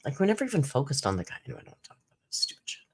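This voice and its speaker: Husky and racing, a bass-voiced woman with big pitch swings hosts a casual live-stream chat as a YouTube commentary host. She tells chatty stories, laughs a lot, and performs other people's lines.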